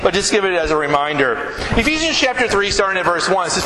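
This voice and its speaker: A man preaching a folksy, animated sermon to his congregation, joking and reading scripture. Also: sits high, fast talker, few pauses, reverberant, in a large hall, a little hiss or hum, poor audio. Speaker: pastor. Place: church sanctuary.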